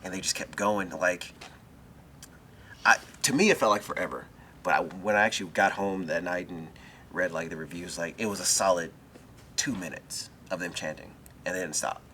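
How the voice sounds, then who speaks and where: A man with a deep, low voice and a bright, forceful edge tells an emotional story in a sit-down interview. He talks in quick, animated bursts and restarts. A faint hiss of noise sits behind him. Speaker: wrestler, interview guest.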